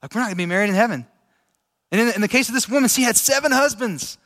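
High-voiced man preaching in an echoey hall. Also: racing. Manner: relaxed, chatty, laughs easily. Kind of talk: casual conversational sermon. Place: large room with an audience. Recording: echoey hall with long reverb.

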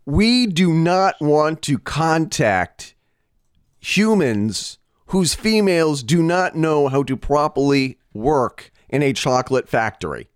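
A man's voice: fairly high pitch, expressive, slow, smooth, no echo, pitched above the performer's own voice. Stilted alien envoy voice, formal and lofty, man putting it on, dry close mic. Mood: stiffly disdainful. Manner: stilted, overly formal speech. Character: stiff formal male space alien envoy.

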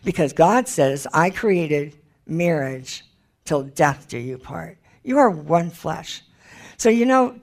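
A woman's voice: deep voice, darkish tone. A woman giving an informal Bible teaching, chatty and emphatic, thinking aloud as she looks up verses.

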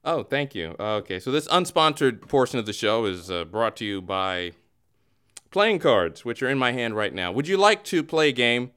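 A man hosting a casual sports talk podcast, ranting in an animated way. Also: medium pitch, normal speed, clear, resonant tone. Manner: animated, ranting with mock voices. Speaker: podcast host.

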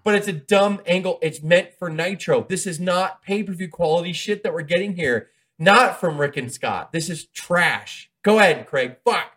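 A man's voice: high-pitched, normal speed, a bit bright, slightly rough. A young adult man co-hosting a casual chat show, ranting heatedly with lots of swearing. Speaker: podcast co-host reviewing wrestling events.

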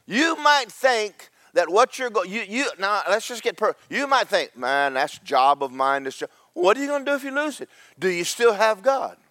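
A man's voice: very high-pitched, animated, moderate pace, few pauses, pushed and bright, no room sound. A man preaching a sermon, telling Bible stories in a folksy, joking way with voices for the characters. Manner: folksy storytelling with comic voices.

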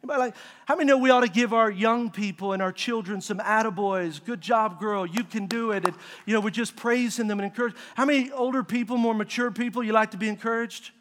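A middle-aged man preaching a sermon, telling a family story with lively asides and calling out questions to the congregation. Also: high voice, fast. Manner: animated storytelling with audience call-outs. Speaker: pastor.

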